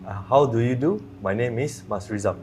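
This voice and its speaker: A man taking part as a demonstration model, giving short, slightly hesitant greetings. His voice is mid-pitched and sounds a little distant from the mic. Faint music plays underneath. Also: normal speed, darkish tone.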